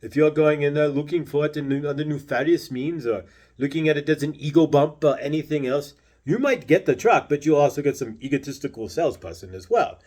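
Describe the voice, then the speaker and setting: Husky man giving a channeled talk. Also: fairly high pitch, darkish tone. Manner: slow, deliberate, repeated questions. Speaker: spiritual channeler.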